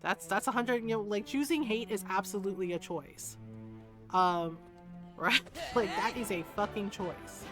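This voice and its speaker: A woman's voice: mid-range voice, measured pace, over loud music. Frank, heated woman streamer. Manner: frank, heated and profane, laughing often. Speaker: game streamer. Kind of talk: casual livestream chat.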